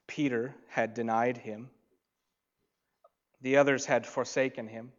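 A man preaching a sermon, swinging between loud emphasis and soft, quiet asides. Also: mid-range voice, steady tone, unhurried, lo-fi sound. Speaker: pastor.

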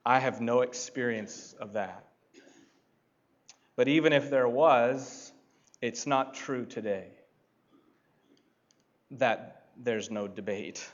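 A man preaching a sermon, deliberate and building to emphatic points. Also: medium pitch, dull audio. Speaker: pastor.

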